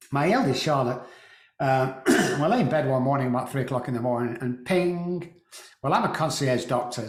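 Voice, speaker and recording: A middle-aged man recounts his past slowly and haltingly, stumbling over words and clearing his throat. His voice sits at an ordinary middle pitch. The recording has a roomy echo around it. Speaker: guest. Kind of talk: emotional personal storytelling.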